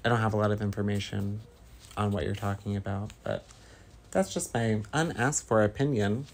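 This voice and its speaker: A man from Northern California chatting casually with his stream viewers, slow and rambling. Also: on the low side. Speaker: livestreamer.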